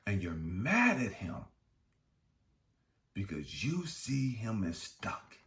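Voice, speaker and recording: A man's voice: fairly low pitch, wildly swooping pitch, slow, fairly bright tone. A man hosting a self-help channel, giving a blunt, heavily profane, preachy motivational monologue.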